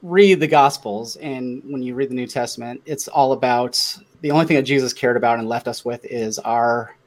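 A man's voice: mid-range voice, normal speed. A man in his fifties, a guest fitness coach talking earnestly on a podcast with self-deprecating humor. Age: 50s. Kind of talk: casual podcast chat.

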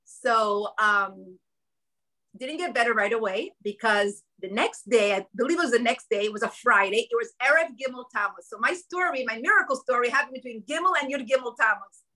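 A woman's voice: a little high, lively intonation, fairly quick, bright, forceful tone, low-quality recording. A woman telling a personal story at a women's gathering, emotional and quoting her own inner thoughts, with religious Jewish vocabulary.

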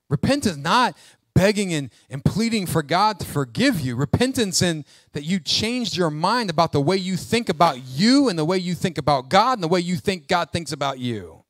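A man, a pastor, preaching a sermon with emphatic swings between loud exhortation and hushed asides. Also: a little high, sing-song, moderate pace, no room sound.

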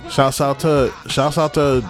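A man hosting his own podcast, rambling casually with profane, slangy shout-outs and lots of repetition. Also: medium pitch, level tone, unhurried, faint music behind. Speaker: podcast host.

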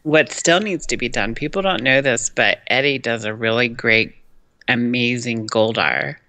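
Crude, gravelly-voiced man. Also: medium pitch, moderate pace, bright, forceful tone, no echo, rough recording. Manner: crude, profane and blunt. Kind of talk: casual chat.

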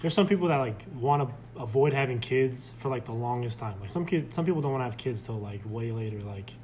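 A man in his twenties co-hosting a podcast, easygoing and quick to laugh. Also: medium pitch, slight background noise. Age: 20s. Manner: easygoing, laughs often, animated. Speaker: podcast co-host. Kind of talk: casual chat.

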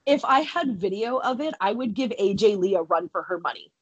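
A young woman talks casually on a podcast, swearing freely and breaking into laughs as she tells her story. Her voice is husky and slightly breathy. It is recorded close and dry, with no room sound. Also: mid-range voice, animated, a little fast, no room sound, lo-fi sound. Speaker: podcast guest, wrestler.

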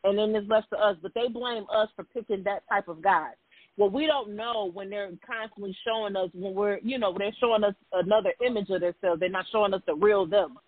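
Talking a little fast in a mid-range voice, the podcast co-host is blunt and forceful in this candid, casual conversation, repeating points for emphasis. The recording sounds tinny and phone-like, dry with no room sound.

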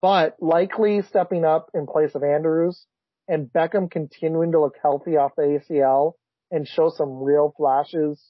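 A man hosting a casual football podcast, talking excitedly and reacting out loud with frequent laughs. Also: on the high side, normal speed, no room sound. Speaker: podcast host. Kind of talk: casual sports chat. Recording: dull lo-fi remote audio.

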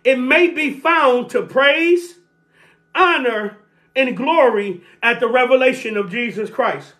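A preacher delivering a sermon, repeating key phrases, calling for responses and shouting at the peaks. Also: sits high, slow. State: sweating.

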